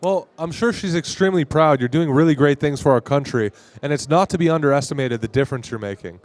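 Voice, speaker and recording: A man's voice: fairly high pitch, quick pace, dry recording. A man from Arizona speaking in an emphatic, opinionated way in a casual conversation at a convention. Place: convention floor.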